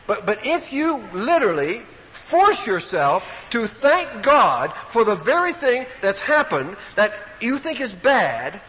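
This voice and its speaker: An older man giving a folksy, emphatic Bible talk as a preacher, swinging from loud emphasis to quiet asides. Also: very high voice, slow, hardly any pauses. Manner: animated, folksy, emphatic with sudden drops to quiet. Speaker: preacher at a Bible study week. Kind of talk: sermon-style Bible talk. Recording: hall reverb with faint noise.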